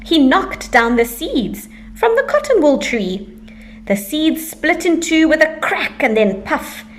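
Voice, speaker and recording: A woman reading a rhyming picture book aloud to children, with a lively, sing-song delivery. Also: high voice, slow. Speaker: storyteller for children.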